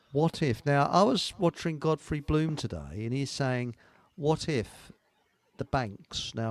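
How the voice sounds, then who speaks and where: An older Englishman hosts a live web show, talking in a rambling, salty way with a gravelly, creaky voice. His pitch swings widely as he talks, and the sound is close and dry. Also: no echo. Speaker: host of a live online talk show. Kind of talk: casual live-stream chat and joke telling.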